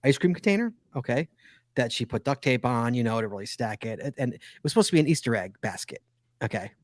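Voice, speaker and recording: A man's voice: mid-range voice, animated, fast, no room sound, clean studio sound. A man hosting a casual podcast, teasing his co-hosts and rambling with fillers. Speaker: podcast host.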